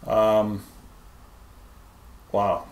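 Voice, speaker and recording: A man with a voice on the low side speaks extremely slowly, his delivery completely flat. Hosting a gaming channel, he offers casual gameplay commentary, chatting to viewers and making self-deprecating jokes as he plays, recorded in an echoey room with noise.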